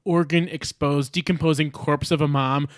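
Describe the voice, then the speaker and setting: A man with a fairly high voice, recorded dry and close, chats animatedly on a movie podcast. He laughs often and rushes into quick excited bursts. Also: dry recording. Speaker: podcast co-host. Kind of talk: casual movie discussion.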